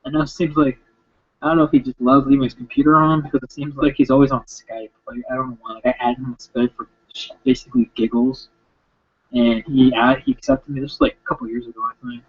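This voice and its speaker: A man's voice: mid-range voice, level tone, quick pace, breathy edge. A young man hosting a video and rambling bluntly and profanely through viewer questions, with many fillers. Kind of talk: casual rambling chat. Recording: lo-fi dull sound.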